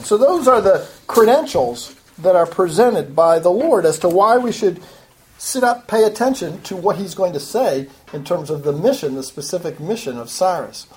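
Woman, slightly low voice, Bible teacher, verse-by-verse study lecture, earnest and emphatic. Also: animated, normal speed, a little mellow. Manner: earnest, explanatory, rising to emphatic urging.

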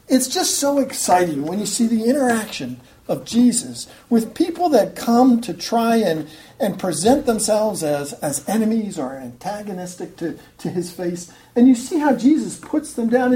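A woman's voice: fairly high pitch, warm tone. A woman teaching from the Bible in a conversational sermon, acting out quoted voices as she goes.

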